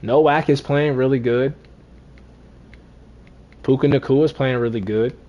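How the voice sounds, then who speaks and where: A man casually commentating his own football video game run, talking to himself, repeating lines and swinging between deflated and excited. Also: mid-range voice, measured pace, lo-fi sound. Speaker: gaming streamer.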